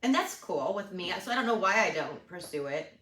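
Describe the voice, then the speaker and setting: A woman's voice: fairly low pitch, sing-song, brisk, fairly bright tone, far from the mic. A woman co-hosting a homebrewing show, making dry, wry remarks in casual chat. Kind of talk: casual chat while tasting beer. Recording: echoey room, a bit off mic.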